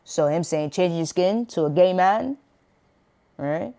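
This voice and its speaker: A streamer with a New York accent offers casual reaction commentary in a warm tone at a measured pace. She's animated and slangy, laughing between points and jumping up into high asides.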